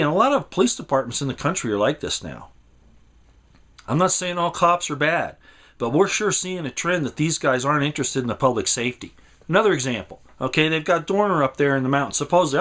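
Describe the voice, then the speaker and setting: A man giving an impassioned monologue, emphatic and rambling, repeating words and swinging between raised and lowered delivery. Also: animated, fast talker, fairly bright tone. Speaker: commentator.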